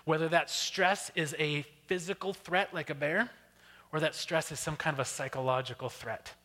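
A man giving an animated storytelling workshop talk, often checking in with the audience. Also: a little high, moderate pace. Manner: animated, keeps asking "right?". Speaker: workshop presenter. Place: church hall. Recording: long hall reverb.

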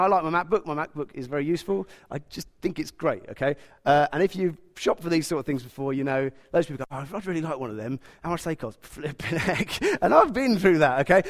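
A preacher in his thirties delivers a sermon with lively, swooping intonation. He tells personal stories with self-mocking humor, his voice sitting a little above average pitch. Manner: animated, humorous storytelling.

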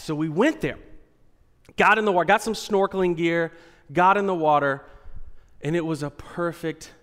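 High-voiced man telling a lively story. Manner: animated, swinging from hushed to loud and laughing. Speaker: storyteller speaking to an audience. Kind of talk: comic personal story told live. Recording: long hall reverb.

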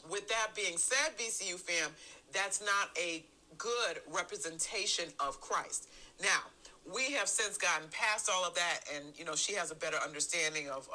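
A middle-aged woman giving an earnest sermon, stressing her phrases and stretching some words out slowly. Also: lowish voice, bright, forceful tone, poor audio. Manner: earnest, emphatic, drawn-out phrases. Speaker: church speaker.

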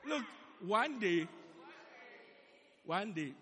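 High-voiced animated male preacher, echoey church. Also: drawn-out words. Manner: animated, repeats phrases for emphasis. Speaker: pastor. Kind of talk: sermon. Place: church hall.

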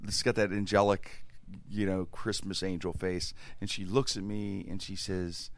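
A man's voice: sits low, moderate pace, no room sound. A man hosting a casual talk show, telling an anecdote and acting out the dialogue in it. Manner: animated storyteller who acts out the dialogue. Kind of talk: casual banter, telling a funny story.

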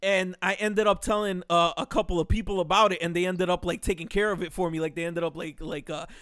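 A young man telling a story on a podcast, animated and profane, acting out the quotes loudly. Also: sits high, fast, no room sound, studio quality. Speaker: podcast host. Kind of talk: casual storytelling.

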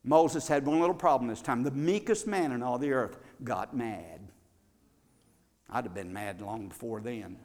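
A man preaching a sermon as pastor, swinging between loud bursts and quiet asides. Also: mid-range voice, normal speed. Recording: long reverb of a large hall.

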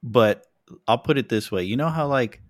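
A man's voice: mid-range voice, moderate pace, no echo, studio quality. A man co-hosting a podcast, chatting casually and teasing his co-host in joking banter. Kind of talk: casual chat.

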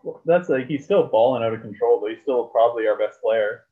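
A medium-pitched man talks briskly as a podcast co-host, rambling about basketball in casual chat loaded with fillers and swearing. The sound is tinny, like a phone.

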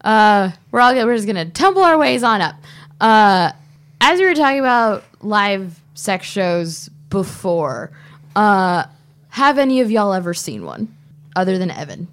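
Lively, playful woman podcast host. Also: mid-range voice, a little slow. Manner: playful, teasing. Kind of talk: casual chat.

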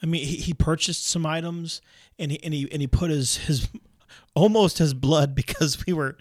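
Dry, animated man making a point. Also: on the high side, normal speed, no echo. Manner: animated, repeats words. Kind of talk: casual discussion, preaching point.

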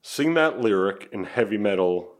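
A man's voice: fairly low pitch, lively intonation, moderate pace. A man co-hosting a podcast, chatting casually and telling stories in a laid-back way. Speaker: podcast co-host. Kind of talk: casual chat.

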